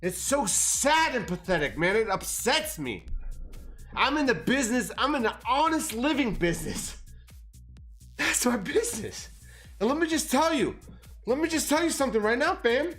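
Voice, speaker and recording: A man ranting on a livestream, profane and agitated. His pitch swings widely as he moves between sour low muttering and sharp outbursts. Faint music plays behind him. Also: very animated, moderate pace. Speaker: market commentary streamer. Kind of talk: livestream rant.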